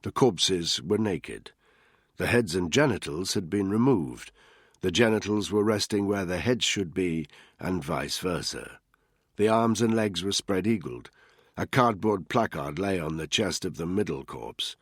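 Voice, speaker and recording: A man with a deep, husky voice narrates a thriller audiobook in a steady, even storytelling manner. The sound is close and dry, as from a booth. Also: measured pace, dry recording.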